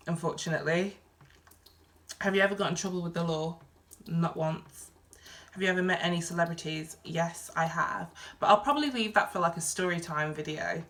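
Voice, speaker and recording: A young woman from Birmingham with a softened Brummie accent, chatting casually through a Q&A vlog, reading each question aloud and answering with lots of ums and likes. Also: fairly low pitch. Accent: Birmingham English, softened. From Birmingham, England. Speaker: vlogger.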